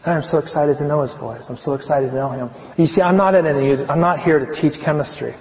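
Earnest man testifying in an echoey hall. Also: fairly high pitch. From California. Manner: earnest, confiding, slows and softens on heartfelt points. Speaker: chemistry professor giving a testimony. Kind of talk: personal testimony talk. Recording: echoey hall, muffled sound.

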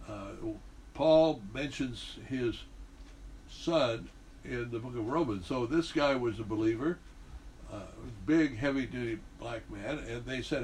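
A man teaching the Bible, reading verses aloud and then explaining them in a relaxed, conversational way with frequent hesitations. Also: mid-range voice, unhurried, a little hiss or hum, low-quality recording.

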